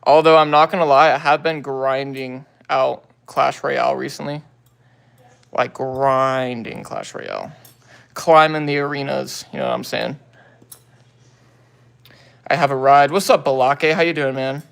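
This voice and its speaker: A man's voice: medium pitch, steady tone, a little slow, creaky, long pauses, fairly bright tone, clear, resonant tone. A young man hosting a livestream on his phone, casually greeting viewers and answering comments in laid-back slang. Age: young adult. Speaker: livestream host.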